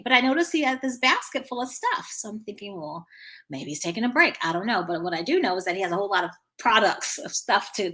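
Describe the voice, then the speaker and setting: A woman hosting a podcast, telling a story in a casual, animated way and repeating herself often. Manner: animated, voices quotes in a much higher pitch. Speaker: podcast host. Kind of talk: storytelling monologue.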